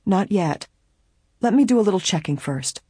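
A reader voicing an earnest young woman detective, anxious but steady, in a husky voice. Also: medium pitch, normal speed, no echo, studio quality, voice pushed up. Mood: worried.

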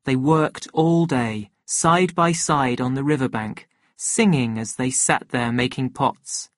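A storybook narrator reading at an unhurried, measured pace. The voice is husky, and the recording is dry and close with no room sound. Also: medium pitch, dry recording. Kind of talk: scripted narration of a graded reader.

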